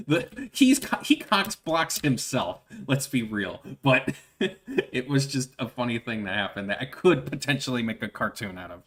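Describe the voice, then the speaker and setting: A man's voice: medium pitch, sing-song, measured pace, a bit bright. Giggly man telling stories. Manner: laughs often, storytelling, restarts. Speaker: streamer. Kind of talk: casual chat while drawing.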